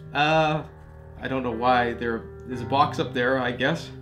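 A man chatting casually on a livestream, joking and swearing freely, often bursting into loud laughter. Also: medium pitch, slow pace, music in the background.

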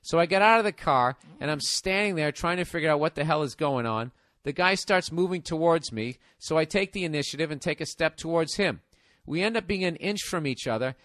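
American man, 40s, podcast host; profane, exasperated ranting, slightly high voice, dry studio sound. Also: expressive, fairly quick, a bit bright, no room sound. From United States. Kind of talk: casual podcast rant, reading a listener letter.

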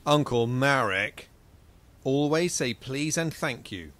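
A man narrates a children's lesson on manners in a gentle, clear, instructive tone. His pitch moves in a lively way. Music plays under his voice. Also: slow pace. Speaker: presenter teaching children's manners. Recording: music playing behind.

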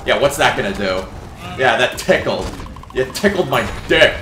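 A young man doing gameplay commentary, swearing and yelling sarcastically at his teammates. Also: mid-range voice, expressive, moderate pace, echoey room, soft background music. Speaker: gaming YouTuber.

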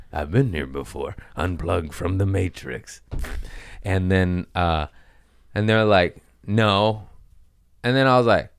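A comedian spins a rambling, profane road story, laughing at himself and jumping into the voices of the people in it. His voice sits low and smooth, and the sound is dry and close with no room around it. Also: dry recording. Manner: animated, profane, laughs often, acts out his own quotes. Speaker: comedian telling stories on his podcast. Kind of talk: casual storytelling chat.

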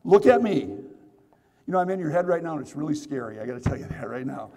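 High-voiced man teasing a seminar audience. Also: very animated, fairly quick, dark tone. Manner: playful, teasing, call-and-response with the crowd. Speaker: motivational speaker and magician. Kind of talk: energetic seminar talk with audience participation. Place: large hall with audience. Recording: echoey hall reverb.

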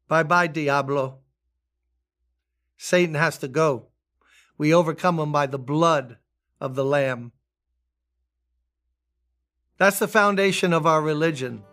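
An older man preaching a sermon as pastor, emphatic, repeating key words and rising high on his appeals. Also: takes it slowly, pauses often, a bit bright.

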